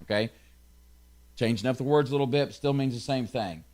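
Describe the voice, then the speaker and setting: Male pastor, Tennessee accent, mid pitch, relaxed conversational Bible teaching, quick asides. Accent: Southern US, Tennessee. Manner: chatty, checks in with listeners, quick asides.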